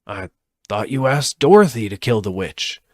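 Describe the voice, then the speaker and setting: A man's voice: lowish voice, expressive, moderate pace, no echo, studio quality. A man voicing a humble straw scarecrow in a storybook reading, earnest and pleading in a slightly raised voice.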